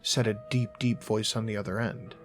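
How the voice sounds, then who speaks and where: A man's voice: on the low side, steady tone, moderate pace, faint music behind. A man narrating a first-person horror story in a casual, profane, wry voice.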